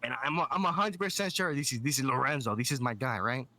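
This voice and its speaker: A man's voice: medium pitch, lively intonation, fast, pushed and bright. A man roleplaying a bounty hunter, talking in a rambling, earnest way full of "you know" and restarts. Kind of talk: in-character roleplay chat.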